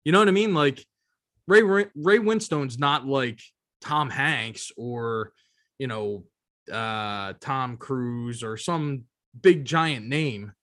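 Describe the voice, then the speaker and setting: A man's voice: mid-range voice, slow pace, fairly bright tone, dry recording, clean studio sound. Rambling, emphatic male podcast co-host. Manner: rambling, emphatic, frequent "you know what I mean". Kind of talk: casual chat.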